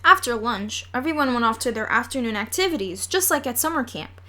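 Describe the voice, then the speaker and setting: A woman reading a children's chapter book aloud in a lively, expressive way. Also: fairly high pitch, a little fast. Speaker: audiobook reader.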